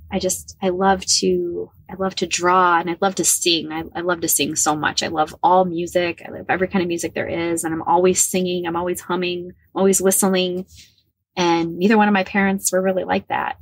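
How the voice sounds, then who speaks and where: A woman in her forties from the Midwest shares her own story as a podcast guest. Her voice sits low with a husky, breathy grain. She speaks candidly and earnestly, often repeating herself, in a dry, close recording. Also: no echo. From American Midwest. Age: 40s. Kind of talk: personal storytelling.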